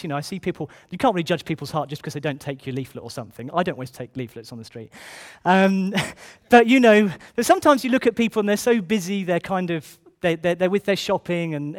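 A man preaching a sermon, reading scripture slowly and then hurrying through his asides, often repeating key phrases. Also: on the high side.

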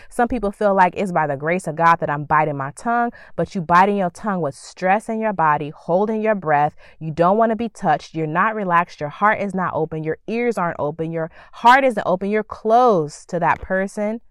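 A woman hosting a podcast, delivering a faith-based motivational talk in an animated, preacherly way with bursts of sassy acted-out thoughts. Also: medium pitch, dry recording, clean studio sound. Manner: animated, preacherly, acts out quoted thoughts with playful sass. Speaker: podcast host.

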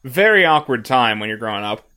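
A man's voice: mid-range voice, sing-song, a little fast, sharp tone. A man from Missouri co-hosting a podcast, chatting casually, joking and swearing with stammering restarts. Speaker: podcast co-host.

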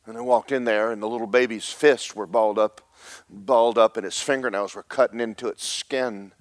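A man preaching a fiery Pentecostal sermon in church, telling stories and building to emphatic, shouted points. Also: fairly low pitch, steady tone, a little fast, no echo, studio quality.

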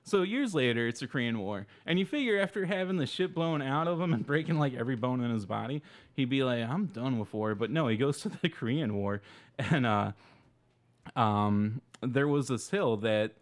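A man's voice: medium pitch, animated, normal speed. Guy on a podcast telling a story, laughs a lot, goes off on tangents. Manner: laughing, storytelling with loose asides. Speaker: podcast co-host. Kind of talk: casual chat.

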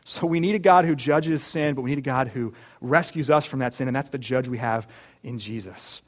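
A man's voice: mid-range voice, moderate pace. A male pastor preaching a sermon in a church, earnest and direct, often checking in with rhetorical questions.

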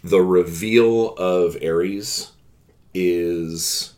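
Man, casual podcast chat, somewhat low voice, opinionated, cusses, restarts lines. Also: very slow. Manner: animated, opinionated, swears freely, stumbles and restarts. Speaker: podcast co-host. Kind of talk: casual chat, film review.

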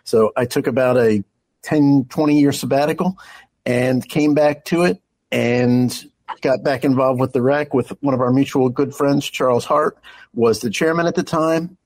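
A man's voice: medium pitch, moderate pace, darkish tone, dry recording, low-quality recording. A middle-aged man from Philadelphia, a guest on a radio show, answering in an earnest way with frequent restarts. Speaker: guest, party executive director. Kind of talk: radio interview.

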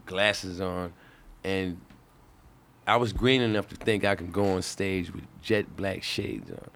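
A man's voice: sits low, lively intonation, a little slow, gravelly, fairly bright tone. A male comedian telling a stand-up story in casual, profane talk, full of restarts.

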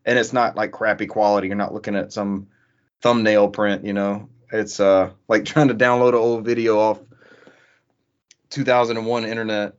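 A man's voice: fairly low pitch, flat delivery, moderate pace, dull audio. A man hosting a podcast, chatting loosely and casually about a video game, swearing freely. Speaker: podcast host. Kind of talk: casual gaming podcast chat.

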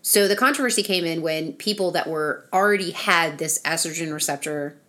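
Brief: woman, low voice, chatty explainer, restarts a lot, fillers. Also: brisk, bright, forceful tone. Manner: explains studies in long run-on sentences with fillers and restarts. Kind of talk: casual explanatory chat.

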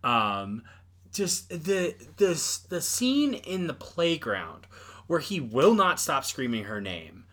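Sex: man. Role: podcast co-host. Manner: animated, exasperated. Tone: bright. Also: a little high, slow. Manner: animated, exasperated, lots of fillers. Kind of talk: casual movie review chat.

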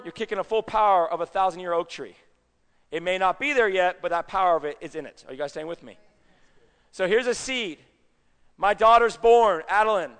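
A man preaching a sermon in a chatty, animated way, often checking that his audience is following along, in a church sanctuary. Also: high voice, clean tone, big-room sound. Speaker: pastor.

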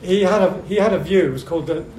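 A middle-aged man with a slightly high voice for a man tells anecdotes to a seminar audience. He is a lively storyteller but hesitant, often saying "um" and restarting his sentences. The room echoes, and a faint hum runs underneath.

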